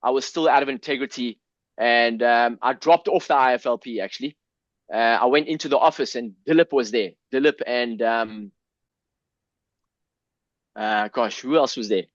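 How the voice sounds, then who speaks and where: A man's voice: medium pitch, normal speed, dry recording. A South African man in his fifties, telling personal stories as a podcast guest, earnest and emotional, with many restarts and some swearing. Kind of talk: candid personal storytelling. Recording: dull, dry lo-fi sound.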